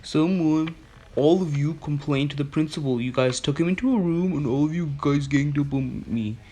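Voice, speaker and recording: A young man imitating an angry, entitled female teacher, speaking in a shrill, accusing voice. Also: normal speed, mellow, lightly acted.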